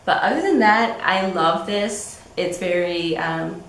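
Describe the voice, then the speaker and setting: A woman's voice: lowish voice, slow, gravelly, fairly bright tone, reverberant, slight background noise, low-quality recording. A woman co-hosting a podcast, chatting casually about her knitting with frequent ums and light laughs. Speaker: podcast co-host.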